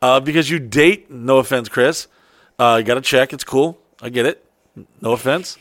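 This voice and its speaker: A man's voice: mid-range voice, moderate pace, a bit bright, dry recording, clean studio sound. A man co-hosting a podcast, telling stories in a loose, profane way and slipping into mock voices. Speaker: podcast co-host. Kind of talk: casual podcast chat.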